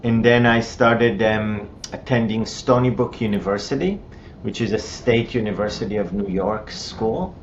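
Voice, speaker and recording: A middle-aged man from Israel with an Israeli accent and Hebrew as his first language, telling his personal story in a conversational way, with many restarts and fillers. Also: normal speed. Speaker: interview guest. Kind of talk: personal testimony. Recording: slightly dull with faint rumble.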